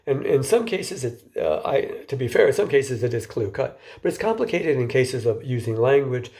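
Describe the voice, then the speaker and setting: A man with a mellow, dark-toned voice lectures informally. He keeps his talk conversational and often stumbles into repeated words before he goes on. Now and then he turns to his listeners with a question. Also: mid-range voice, creaky.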